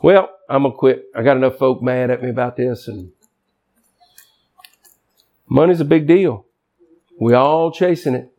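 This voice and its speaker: A man's voice: mid-range voice, unhurried, long pauses, darkish tone, highs cut off. A man preaching a sermon as pastor, emphatic and folksy, with casual, colloquial asides.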